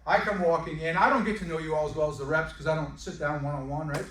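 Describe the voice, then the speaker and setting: A man giving a folksy, joking sales pitch to a room of guests. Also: fairly even intonation, fast, a bit bright. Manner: folksy, joking, uses y'all. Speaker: timeshare sales presenter. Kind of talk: sales pitch to a live audience. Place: presentation room. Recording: echoey room, mic at a distance.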